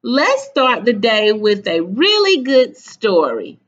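A cheerful, patient fish schoolteacher, as a woman reading aloud puts her on, speaking in a high sing-song way. The audio is a little muffled and dull. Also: wildly swooping pitch, takes it slowly, exaggerated voice. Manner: bright, sing-song greeting. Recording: slightly dull webcam audio.

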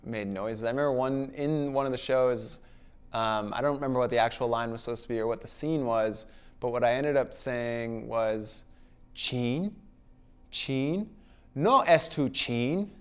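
A man from Connecticut, an actor guest in a casual comedy interview, talking in a self-deprecating, deadpan way. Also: mid-range voice, normal speed, smooth. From Bridgeport, Connecticut, US.

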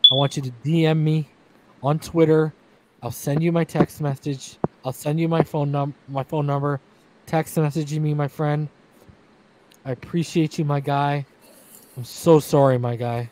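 A man hosting a sports talk stream, his voice sitting a touch high. He talks in an earnest, emotional way, crying and circling back over the same words. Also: fairly even intonation, normal speed, darkish tone. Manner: emotional, repeats himself, earnest. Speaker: podcast host. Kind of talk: casual sports talk livestream. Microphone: streaming setup, remote call.

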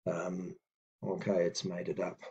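A man teaching a language lesson on video, explaining patiently with many fillers and reading example phrases slowly. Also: low-pitched, monotone, warm tone, muffled recording.

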